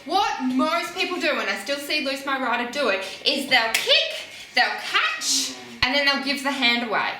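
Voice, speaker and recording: A woman, coaching riders in a casual, animated way, laughing and acting out what riders think. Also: high-pitched, moderate pace, noisy background. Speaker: riding coach. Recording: echoey, from a distance from the mic.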